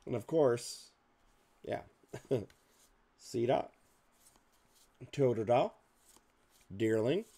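Male host, slow and gravelly, rattling off card names with offhand asides, a bit hoarse. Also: medium pitch, warm tone. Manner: reads off card names in a list, muttering asides. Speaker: card-opening video host. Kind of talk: casual pack-opening commentary.

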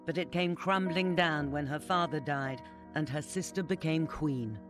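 A man narrating a documentary in a measured, formal way. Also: a little high. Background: music.

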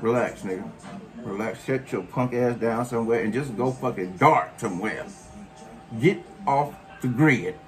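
Male vlogger, mid-pitch voice, scolding and mocking rant style with faint music behind. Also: a little slow. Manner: scolding, mocking, heavy slang and cursing. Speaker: commentary vlogger. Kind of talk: profane reaction rant.

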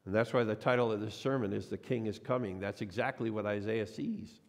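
A man's voice: lowish voice, brisk. A man preaching a sermon as a pastor, telling a personal story and acting out the voices of the people in it. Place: church sanctuary. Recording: long church reverb.

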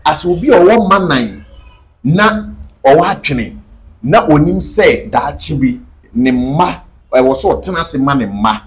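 Man, Ghanaian accent, high pitched, very lively intonation, emphatic and preachy. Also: measured pace. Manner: emphatic, preachy, mixing Twi and English. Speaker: interview guest. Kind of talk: animated interview talk.

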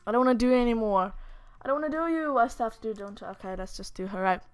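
A young Lithuanian woman, a gaming YouTuber, chats casually while playing a matchmaking game, reading the characters' lines aloud in playful voices for a let's-play. Her voice is fairly high, fast and a little mellow.

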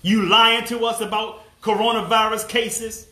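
A man, a motivational speaker, delivers an impassioned monologue straight to the camera. He sounds angry, blunt and profane, and he hammers his points home through repetition. His voice is high and bright, with an echoey room around it. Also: little pitch movement, unhurried.

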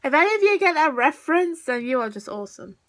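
A woman's voice: high-pitched, sing-song, fast. Tipsy woman swearing at the screen. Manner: swears freely, loud outbursts at the screen. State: tipsy from drinking. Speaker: reaction video host. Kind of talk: tipsy reaction commentary.

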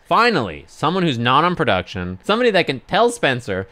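Man telling a story, smooth voice. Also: brisk, no room sound. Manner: animated anecdote, acts out others yelling in high pitch. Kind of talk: casual storytelling on stream.

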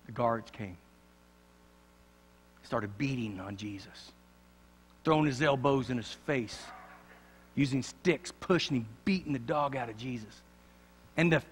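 A man preaching a sermon in a church, swinging dramatically from loud passages to hushed ones. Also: medium pitch, slightly rough. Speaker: pastor. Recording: long church reverb.

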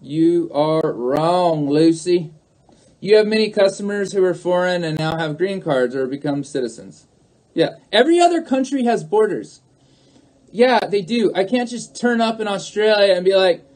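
High-voiced sarcastic man on a livestream. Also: lively intonation, normal speed, darkish tone. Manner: sarcastic, mocking; argumentative, repeats himself. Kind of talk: livestream talk answering chat.

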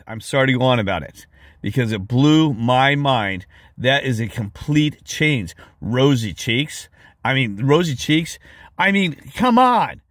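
A man hosting a video, talking excitedly and repeating himself as he comments on a clip. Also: mid-range voice, no room sound, studio quality. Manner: excitable, repetitive, with frequent restarts. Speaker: video host. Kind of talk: casual commentary.

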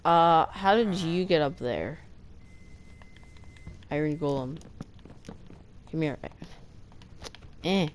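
Low-voiced woman chatting through a game. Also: slight background noise. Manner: chatty, breaks into excited squeals, sounds out foreign words slowly. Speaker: gaming channel host. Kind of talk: casual gameplay commentary.

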